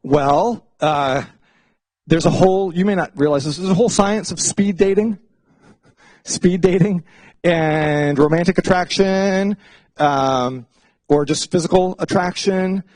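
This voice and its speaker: A middle-aged man giving a casual classroom lecture as a psychology professor, chatty and animated, often slipping into playful voices for asides. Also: high voice, measured pace, no echo.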